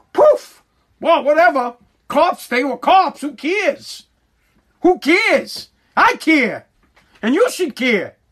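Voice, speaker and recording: A man in an angry, profane rant to camera, swearing, repeating himself and sometimes shouting. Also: very high-pitched. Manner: heated, swearing, repeats words, shouts at times.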